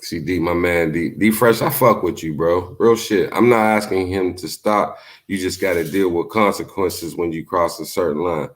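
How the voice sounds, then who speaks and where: A man's voice: deep voice, moderate pace. A man hosting his own channel, talking casually to the camera in a laid-back way and often tagging on "you know what I mean.". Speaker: YouTube show host.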